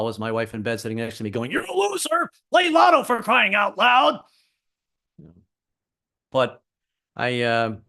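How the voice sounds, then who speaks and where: A middle-aged man doing a stand-up comedy set, wry and self-deprecating. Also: medium pitch.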